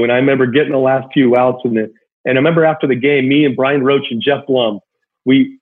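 A man, a former big-league pitcher, telling an emotional childhood story in a rambling, casual way with many fillers. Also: fairly even intonation, fast. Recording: tinny phone-line sound.

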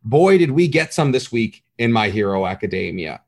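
A man co-hosting a casual podcast, talking in an animated, rambling way and acting out quotes. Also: mid-range voice, fairly quick, hardly any pauses. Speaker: podcast co-host. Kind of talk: casual chat.

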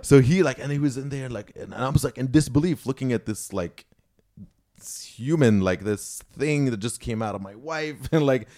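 A man's voice: mid-range voice, normal speed, a little mellow. Rambling young man telling a story. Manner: rambling storytelling full of "like" and "you know". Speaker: podcast host. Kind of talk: casual podcast chat.

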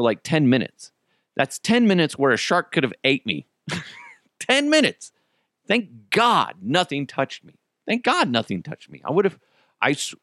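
A man, the host of a podcast, telling a story in a casual, animated way, swearing freely and laughing as he goes. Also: on the high side, no echo, clean studio sound. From United States.

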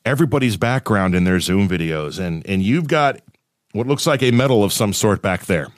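A man's voice: on the low side, lively intonation, normal speed, no room sound. Joking man hosting a podcast, dry sound. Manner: joking, chatty. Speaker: podcast host. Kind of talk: casual chat.

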